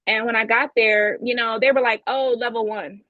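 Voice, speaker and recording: A woman's voice: a little high, fairly even intonation, moderate pace, no echo, narrow, tinny audio. Earnest woman from Ohio testifying. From Ohio, USA. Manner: earnest, emphatic storytelling with many restarts. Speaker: guest speaker at an online women's event. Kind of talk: personal testimony talk. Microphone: video call.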